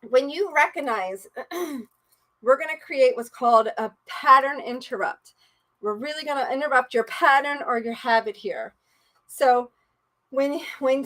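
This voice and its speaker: A woman's voice: high-pitched, a bit bright. A woman life coach leading a live-streamed coaching session, playful and encouraging in a chatty way.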